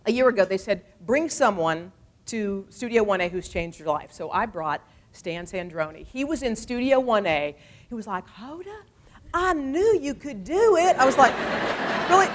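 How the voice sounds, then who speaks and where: Woman in her forties, speech with lively anecdotes, mid-range voice. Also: mid-range voice. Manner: lively, animated storytelling with quoted voices. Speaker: speaker giving a talk. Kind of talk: storytelling speech.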